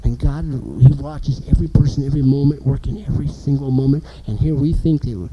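A man preaching an informal sermon, animated and emphatic, asking the listeners questions. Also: mid-range voice, a little fast, breathy edge, dull audio.

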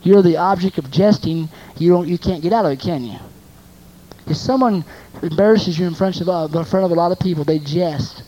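Mellow-voiced preacher repeating for emphasis. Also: mid-range voice, a little fast, lo-fi sound. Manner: rhetorical, asks the congregation questions and repeats phrases for emphasis. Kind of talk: sermon.

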